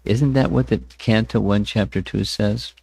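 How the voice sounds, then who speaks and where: A man teaching a scriptural class, speaking deliberately, often repeating words and chanting verses with his listeners. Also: fairly low pitch, steady tone, creaky, darkish tone, no room sound. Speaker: spiritual teacher. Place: temple hall.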